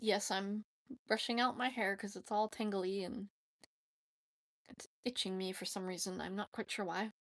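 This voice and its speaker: A woman's voice: medium pitch, fairly even intonation, normal speed. A woman hosting a casual live stream, chatting in a rambling way and laughing often. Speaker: livestream host.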